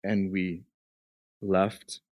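A man preaching a sermon, moving from quiet storytelling into an impassioned climax. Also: sits low, little pitch movement, extremely slow, no echo, clean studio sound. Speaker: pastor.

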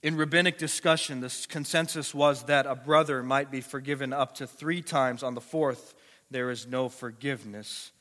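A male pastor preaching a sermon, emphatic and repetitive, swinging from quiet to passionate. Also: medium pitch, steady tone, moderate pace. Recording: echoey hall reverb.

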